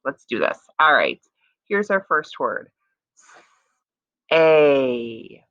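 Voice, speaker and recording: A low-pitched woman with a bright, forceful edge teaches young children phonics, stretching words out sound by sound. Her encouragement is steady and patient. The recording is dull and dry. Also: a little slow, no room sound.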